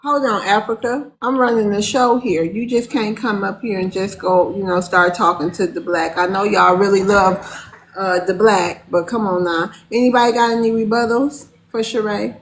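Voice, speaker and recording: A woman hosting and moderating a panel debate, brisk and teasing as she takes charge. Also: medium pitch, fairly even intonation, slight background noise. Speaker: host.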